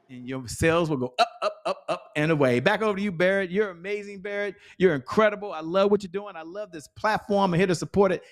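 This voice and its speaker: A man speaking as a guest sales coach, giving an enthusiastic motivational talk full of emphatic repetition. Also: fairly high pitch.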